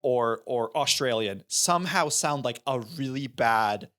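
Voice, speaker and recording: Lively, laughing podcast co-host. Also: male voice, medium pitch, unhurried. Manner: animated, laughs often, jokey. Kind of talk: casual podcast banter.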